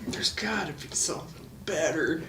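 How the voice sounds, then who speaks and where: Animated, bright-toned player reacting to rolls; distant mic, echoey room. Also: mid-range voice, slight background noise. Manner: quick, reactive comments on dice rolls. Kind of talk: casual table chat while gaming.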